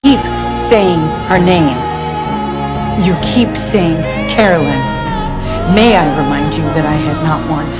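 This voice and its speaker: A woman's voice: deep voice, slow pace, over loud music. An actress playing a grieving, bitter mother in a TV drama, speaking in a cold, accusing and emphatic way. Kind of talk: TV drama acting.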